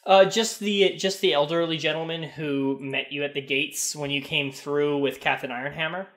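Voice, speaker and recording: A man narrating a tabletop role-playing game as game master, describing scenes in a halting way with many fillers. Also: fairly high pitch, fairly even intonation, a bit bright.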